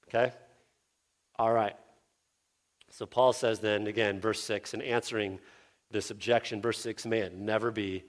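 Earnest male pastor preaching a sermon. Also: normal speed. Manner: earnest, drops low for scripture and rises when voicing objectors. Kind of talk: expository sermon.

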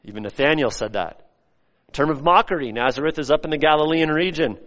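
A man preaching a sermon, animated and acting out the voices he quotes, recorded in a church. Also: fairly high pitch, brisk. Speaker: pastor. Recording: long hall reverb.

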